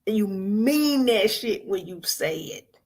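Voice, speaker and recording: On her weekly spiritual vigil stream, a woman talks in an informal, earnest way, going over phrases again and urging the audience to reply. Her mid-range voice is animated and a little mellow, and she takes her time.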